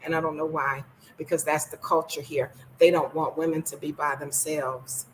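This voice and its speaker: A woman's voice: sits low, little pitch movement, moderate pace, a little hiss or hum, rough recording. An older woman from the United States, blunt and sassy, chatting casually in a vlog from her home. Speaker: vlogger.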